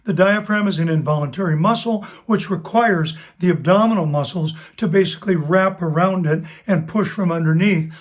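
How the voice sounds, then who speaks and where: A voice teacher giving a spoken singing lesson, explaining technique step by step and speaking straight to the student. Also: medium pitch. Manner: slow, deliberate instructing, addressing the student directly. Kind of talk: spoken vocal lesson with sung demonstrations.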